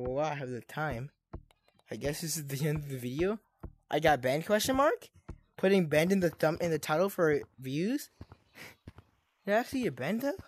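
A woman's voice: sits low, darkish tone, a little hiss or hum. Subdued woman muttering during a game. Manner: puzzled, deflated, muttering to herself. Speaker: gaming YouTuber. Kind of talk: casual gameplay commentary.

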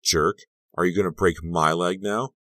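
A man's voice: rumbling low, brisk, a bit bright, dry recording, studio quality. A man reading the lines of an angry, sarcastic teenage girl in a storybook. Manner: snappish, sarcastic. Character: angry teenage girl, sharp-tongued and hostile.

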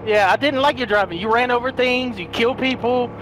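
A young man playing a co-op game, excitable, shouting and laughing often. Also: extremely high pitch, quick pace, a little hiss or hum. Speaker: gamer playing co-op. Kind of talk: excited gameplay banter.

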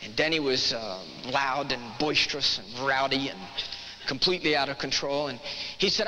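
A man's voice: medium pitch, moderate pace. A man preaching a sermon, telling a story and then teaching with earnest, emphatic repetition. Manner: earnest, emphatic, repeats phrases for effect. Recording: echoey hall, faint background noise.

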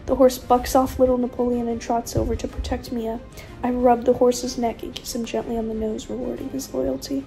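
A high-pitched young woman in her twenties with a mellow tone tells a comic story, giggly and profane. She sounds animated throughout, with faint music beneath her voice. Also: fairly quick. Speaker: vlogger.

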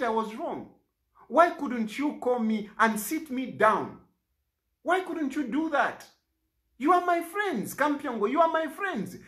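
A Zambian opposition politician makes an impassioned public statement, sounding aggrieved and pleading and repeating lines for emphasis. His voice is very high-pitched and a bit bright.

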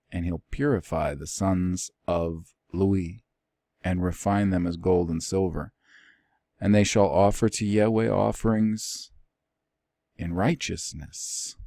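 Deep slow-talking man reading scripture. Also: warm tone, no echo. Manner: reads passages aloud with rising emphasis, then comments plainly. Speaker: Bible teacher. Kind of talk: informal scripture study with reading aloud.

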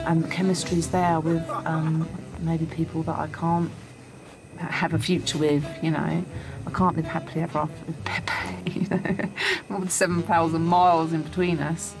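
A woman talking to camera in a playful way, pausing often. Her voice sits a little low, with music playing behind. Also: steady tone, poor audio. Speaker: expedition participant. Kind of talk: casual confessional.

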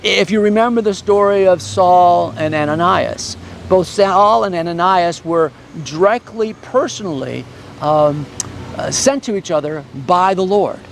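A man's voice: high-pitched, lively intonation, unhurried, vocal fry, slight background noise. A man teaching a Bible study in an earnest, conversational way, reading scripture and explaining it.

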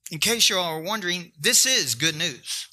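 Male pastor, high and very bright voice, emphatic sermon delivery with jokes. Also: expressive, normal speed. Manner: emphatic, joking preaching that talks straight to the congregation.

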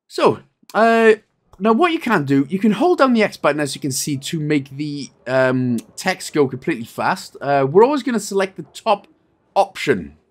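A man's voice: on the high side, very animated, moderate pace. A man hosting a game walkthrough, talking playfully and joking with made-up wordplay. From Wales. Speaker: gaming guide host.

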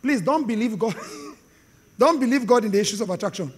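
A middle-aged man with a Nigerian accent, preaching an animated, joking sermon to a live congregation. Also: sits high, a little fast, husky. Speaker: pastor. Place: large hall with live congregation. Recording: long hall reverb.

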